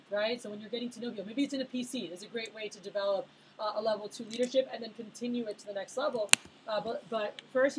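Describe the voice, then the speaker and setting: A woman's voice: a little high, slight background noise, rough recording. A woman in her thirties giving a conference leadership talk, chatty and full of fillers, asking the audience questions. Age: 30s. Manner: chatty, filler-heavy, asks the room questions. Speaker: leadership speaker.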